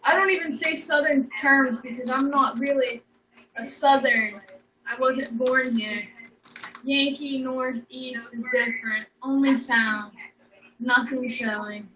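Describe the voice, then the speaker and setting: A woman's voice: high voice, steady tone, slow, bright, forceful tone, a little hiss or hum. A young woman chatting casually on a livestream, rambling, joking and swearing freely. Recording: echoey room, distant mic, dull sound.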